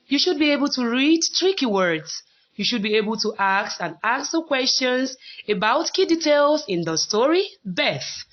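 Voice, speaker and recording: A woman teaching young children phonics, speaking slowly and patiently with a slightly high voice. She repeats each word so the class can copy it. The recording sounds dull and lo-fi.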